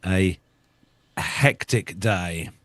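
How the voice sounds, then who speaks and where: Man, podcast host, lowish voice, dry close sound, genial chatty sign-off. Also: extremely slow, no echo. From United Kingdom. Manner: chatty, genial, thanks each guest in turn. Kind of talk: casual podcast chat and sign-off.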